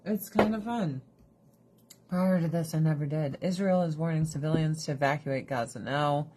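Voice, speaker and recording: A woman's voice: low-pitched, moderate pace, dark tone, slight background noise. A woman ranting bluntly and swearing on a casual livestream while doing her skincare, breaking into laughs between remarks. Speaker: livestream host.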